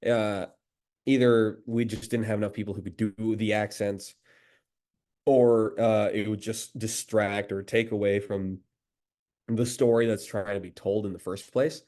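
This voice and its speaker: A man's voice: fairly low pitch, flat delivery, measured pace, mellow. A voice actor from the United States, a man, chatting in an interview with many fillers and restarts. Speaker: voice actor guest. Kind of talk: casual interview chat.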